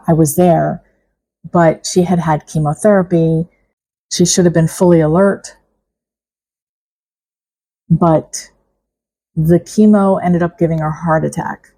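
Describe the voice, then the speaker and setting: A middle-aged woman vlogging to camera about her own experience, reflective and halting, with small restarts. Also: low-pitched, vocal fry, warm tone, rough recording. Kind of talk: personal vlog talk to camera.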